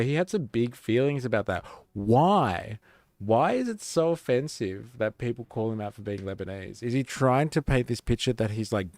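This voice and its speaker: Gravelly low-voiced man streaming. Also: darkish tone, no echo. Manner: offhand, swears, reacts to chat. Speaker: live streamer. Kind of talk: casual live-stream chat while gaming.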